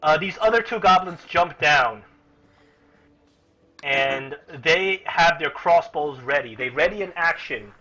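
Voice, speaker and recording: Guy game master w a bright forceful voice, kinda high, muffled lo-fi audio, lots of uhs. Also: animated, measured pace. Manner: casual, explanatory, with many fillers and restarts. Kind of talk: narrating a tabletop game online.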